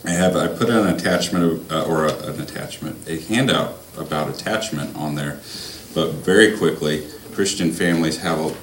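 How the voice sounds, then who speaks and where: A man's voice: extremely low pitch, moderate pace, slight background noise. A man making hesitant, casual remarks full of fillers as a co-presenter. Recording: distant mic in echoey room.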